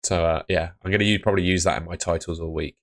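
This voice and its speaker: A young man with a low-pitched voice talks through a live stream. His tone is relaxed and chatty as he answers viewer comments one after another. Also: fast. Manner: chatty, reads out chat comments. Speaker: fantasy football streamer. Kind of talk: casual live stream chat.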